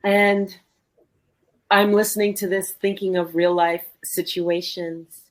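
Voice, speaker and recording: A woman co-hosting a podcast, telling a personal story in an animated way and acting out the dialogue. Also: medium pitch, slow pace. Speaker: podcast co-host. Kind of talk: conversational storytelling.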